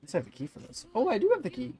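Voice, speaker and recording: A man's voice: very high voice, wildly swooping pitch, racing, creaky, dark tone, breathy edge. A man hosting a let's-play video, rambling and thinking aloud with many fillers. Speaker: gaming channel host.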